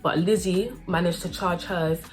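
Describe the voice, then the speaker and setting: Young woman telling a story, low voice. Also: normal speed. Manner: animated, slangy, acts out everyone's lines. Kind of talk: casual storytime.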